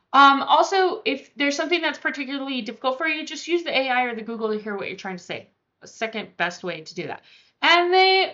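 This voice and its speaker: Bright-voiced woman teaching pronunciation. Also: high voice. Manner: explains slowly, repeating and drawing out example words. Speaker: French teacher. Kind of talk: pronunciation lesson. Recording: muffled, dull lo-fi sound.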